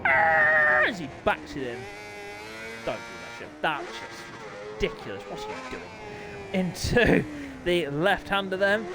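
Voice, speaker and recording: A middle-aged man, hosting and commentating a motorbike racing game live, excitable and quick to break into shouts and laughter. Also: high voice, heavy background noise. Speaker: gaming channel host and race commentator.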